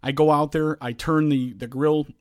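A man, a podcast host, telling a long frustrated story in casual chat, shouting now and then as he acts out the scene. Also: fairly high pitch, normal speed, dry recording, studio quality. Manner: animated, yells when reenacting.

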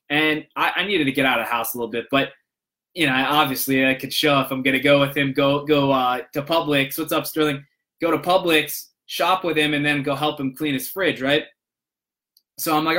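A man's voice: a little high, sharp tone. A young man casually telling a long, rambling story to his viewers, full of restarts and "he's like" quotes. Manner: rambling, many restarts and "I'm like".

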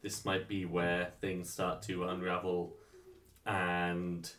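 A man playing in a tabletop game, speaking slowly and hesitantly with frequent ums. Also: low-pitched, completely flat delivery, fairly bright tone, roomy sound, far from the mic. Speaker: player.

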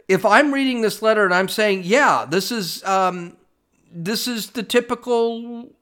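A male podcast host delivers scornful, opinionated commentary, often stumbling and restarting his sentences. His voice sits high and swings widely in pitch. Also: fairly bright tone.

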